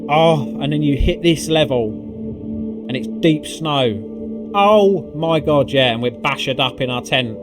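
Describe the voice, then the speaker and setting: A man's voice: on the high side, slow. A man recapping a video game climb in casual commentary, swearing often and full of fillers. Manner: excitable and profane, swearing freely with lots of fillers. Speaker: gaming video creator. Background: background music.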